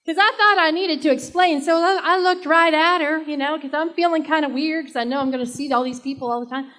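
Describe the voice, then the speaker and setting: High-pitched woman doing stand-up, chatty n brash, talks right to the crowd. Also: fairly even intonation, brisk, fairly bright tone. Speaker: stand-up comic. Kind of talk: stand-up comedy set. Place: live comedy stage.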